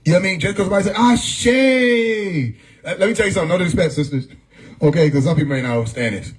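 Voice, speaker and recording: A man's voice: on the high side, fairly even intonation, rapid-fire, rough recording. A man talking casually on a livestream, laid-back and profane, often laughing as he talks. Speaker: livestream host. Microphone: phone mic.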